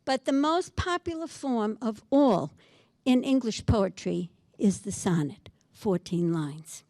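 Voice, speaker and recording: An older woman gives a library lecture on poetry, speaking slowly in a fairly high voice. She reads lines of verse with care, then talks about them in a friendly way. The sound is dry and close, with no room echo. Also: expressive, darkish tone.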